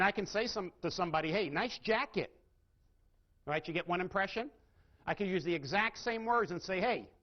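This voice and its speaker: A man giving a live sales training lecture, asking his audience questions and changing his emphasis and pace. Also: high voice. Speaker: seminar speaker. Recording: dull lo-fi recording.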